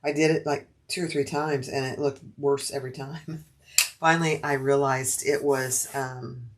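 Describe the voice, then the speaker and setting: A woman's voice: rumbling low, fairly even intonation, measured pace. A middle-aged woman chatting casually on a sewing livestream, answering viewer comments as she works.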